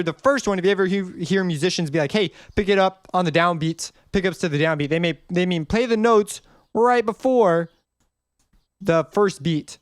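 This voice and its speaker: A man explains music theory in a casual tutorial, his voice sitting a little high for a man. He talks loosely and rambles, often stopping to correct himself. The recording is dry and close, with no room sound. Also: smooth, dry recording. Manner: chatty, rambling, self-correcting. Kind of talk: casual screen-recorded lesson.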